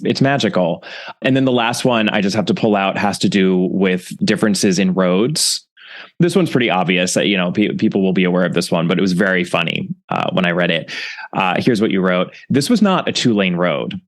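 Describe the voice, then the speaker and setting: A man from California hosting a podcast interview, reading passages aloud and asking thoughtful questions in a measured way. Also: sits low. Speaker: podcast host.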